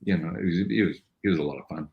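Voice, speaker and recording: Older Australian man, very low voice, chatty storyteller, echoey room on a video call. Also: very fast, gravelly, dull audio. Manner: rambling, animated storytelling with mimicry. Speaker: actor guest. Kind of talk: casual interview anecdotes.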